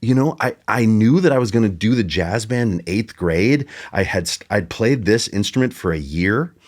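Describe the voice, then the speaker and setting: A middle-aged man, a bass teacher, telling a story in a casual podcast chat and acting out the voices of other people in it. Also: lively intonation, moderate pace.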